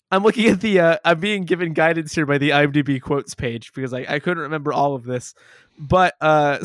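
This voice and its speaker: A man co-hosts a casual movie review podcast in a fairly high voice, recorded dry with studio quality. He's animated, laughing often and tossing in jokey asides.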